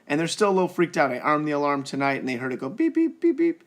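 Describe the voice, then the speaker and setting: A man's voice: a little high, expressive, racing, fairly bright tone. A young man talking earnestly and reassuringly to the camera in a casual parenting vlog. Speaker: parenting vlogger.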